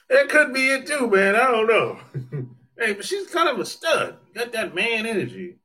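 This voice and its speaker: A man with a high, bright voice chats with his viewers in a loose, joking way. He talks at a slow pace, with pitch that swings widely, swears freely and laughs often between comments. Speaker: livestreamer reading viewer comments. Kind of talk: casual chat.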